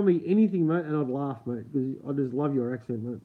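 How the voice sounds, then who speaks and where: A man's voice: medium pitch, fairly quick, hardly any pauses, mellow, husky. A man with an Australian accent chatting casually with viewers during a live stream, swearing freely, laughing often, and keeping his voice down late at night at home. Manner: keeps his voice down. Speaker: livestream host. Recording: tinny phone-like sound.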